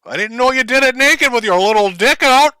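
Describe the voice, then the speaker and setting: A shrill, sing-song mother who gushes over everything her son does, voiced by a man. Her voice swoops high and bright in a doting, clueless way. It is a mocking impression. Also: lively intonation, a little fast, clear, resonant tone, no echo, full character voice. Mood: gushing.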